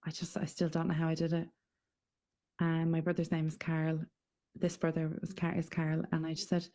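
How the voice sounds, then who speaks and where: A middle-aged Irish woman giving a halting, emotional personal testimony as a guest in an interview. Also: sits low, completely flat delivery, mellow. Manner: halting and emotional, with frequent pauses and fillers.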